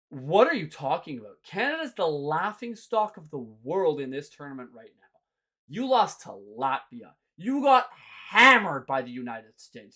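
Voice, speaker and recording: Young man, hockey host, exasperated rant, sarcastic, very animated pitch. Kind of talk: ranting sports commentary.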